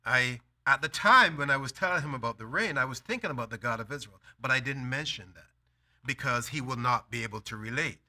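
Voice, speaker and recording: A man's voice: mid-range voice, expressive, brisk, sharp tone. A man preaching a sermon, telling a personal story with acted-out dialogue and building to emphatic declarations.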